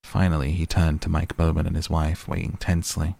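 A man reading a novel aloud as narrator, giving each character's lines in a mostly even voice. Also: low-pitched, fairly quick, vocal fry, no room sound. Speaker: audiobook narrator. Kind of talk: scripted narration.

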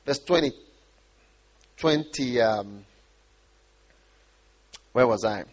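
A man from Ghana preaching a sermon, animated and often repeating and restarting his phrases. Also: medium pitch, extremely slow.

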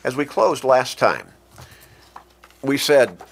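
Slow, animated man giving a lecture. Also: medium pitch, creaky. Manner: slow and deliberate, with pauses and restarts; acts out short spoken examples. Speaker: teacher. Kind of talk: lecture on communication.

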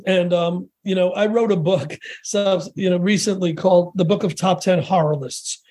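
Animated older man telling fan stories. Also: high voice, normal speed. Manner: animated, rambling anecdotes with restarts and quoted voices. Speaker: podcast guest. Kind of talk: casual storytelling interview.

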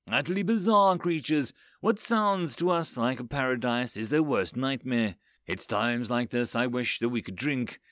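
A man's voice: mid-range voice, animated, normal speed, few pauses, fairly bright tone, dry recording, close to an everyday voice. Stern robot boss, exasperated, audiobook, voiced by a male narrator, dry close read. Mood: disapproving. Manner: exasperated, disapproving.

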